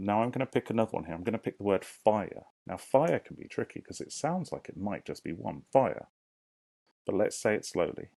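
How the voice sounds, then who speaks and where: A deep-voiced man with a gravelly edge leads a recorded lesson for young children. He speaks slowly and encouragingly, sounding each word out clearly and inviting the class to say it with him. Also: warm tone. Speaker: primary school teacher.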